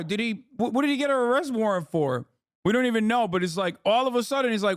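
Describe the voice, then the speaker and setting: A man reacting to a video as a streamer, loud and exasperated, swearing often. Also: high-pitched, animated, fast talker, smooth, no room sound, clean studio sound.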